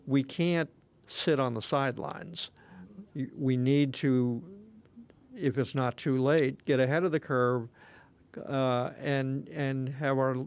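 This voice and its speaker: A man co-hosting a podcast as political analyst, earnest and measured, with fillers. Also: mid-range voice, clear, resonant tone. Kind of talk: casual podcast chat.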